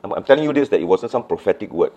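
A middle-aged man with a Malaysian English accent preaching a sermon as pastor, telling the story lively and acting out voices. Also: lowish voice, rapid-fire. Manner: animated storytelling, acts out voices of disciples.

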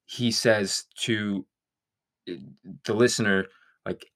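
Thoughtful low-voiced man reflecting. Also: fairly even intonation, a little slow, long pauses, fairly bright tone. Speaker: guest songwriter. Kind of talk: reflective conversation.

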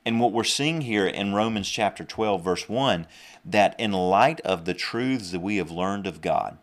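A man's voice: on the low side, unhurried. A young man with a Southern US accent preaching a podcast sermon earnestly, often repeating and restarting his phrases.

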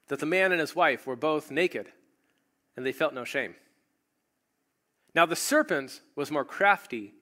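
A man's voice: fairly high pitch, sharp tone. A man preaching a sermon, retelling a story and acting out the quoted voices. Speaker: pastor.

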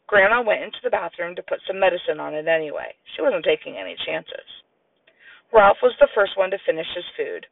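Brief: animated male storyteller, gravelly, thin lo-fi radio quality. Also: brisk, no echo, far from the mic. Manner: lively, plays children's voices in high squeals. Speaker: audiobook narrator. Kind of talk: storybook narration with voiced characters. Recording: tinny, lo-fi, radio-like sound.

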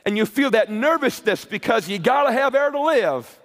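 A man preaching a sermon with passion, rising to shouted peaks and repeating words. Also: extremely high pitch, animated, moderate pace, few pauses, in a large hall. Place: church or camp meeting hall.

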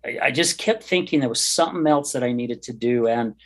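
Talking a little fast in a mid-range voice, a middle-aged man tells his personal story as a podcast guest. The interview is a testimony, delivered earnestly, candidly and from the heart.

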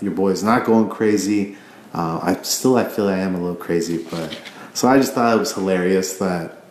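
A man's voice: lowish voice, a little mellow, a little hiss or hum. A man hosting a casual solo podcast, ranting in a rambling, profane way and stumbling over repeated words. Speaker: podcast host. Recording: echoey room.

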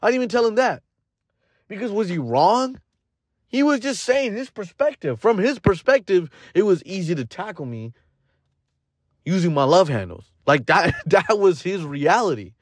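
A man's voice: high-pitched, very animated, normal speed, no echo, studio quality. A man hosting a podcast, giving a blunt, casual motivational monologue full of fillers and restarts. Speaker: podcast host.

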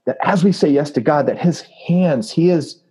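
A man's voice: on the high side, moderate pace, mellow, husky, poor audio. A man telling a story in a casual interview, earnest and full of fillers. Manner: earnest, with many fillers and laughs. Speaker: anti-trafficking activist and preacher.

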